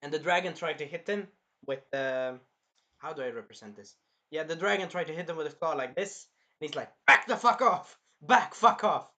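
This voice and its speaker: Young male host, casual rambling reviewer, bright forward voice. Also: a little high, animated, fairly quick. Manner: rambling, filler-heavy, acts out scenes.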